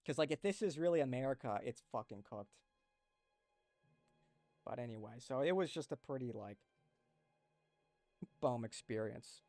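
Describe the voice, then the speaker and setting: This livestream host's voice is mid-range, expressive and mellow, moving at a normal speed with long pauses. Chatting with viewers into a compressed desk mic, the young man rambles and swears. There's no room sound, just faint music in the background.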